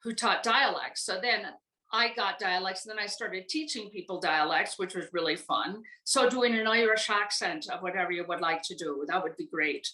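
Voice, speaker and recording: An older American woman recalling her acting career in a relaxed, rambling chat full of fillers. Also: medium pitch, normal speed, reverberant, low-quality recording. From United States. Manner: chatty, rambling with many fillers. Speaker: guest voice actress. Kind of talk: casual interview chat.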